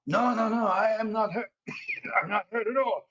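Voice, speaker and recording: A man's voice: high voice, moderate pace, a bit bright, highs cut off, pitched above the performer's own voice. A man voicing a frantic, bound French Canadian man who pleads and babbles in a French Canadian accent. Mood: frantic pleading.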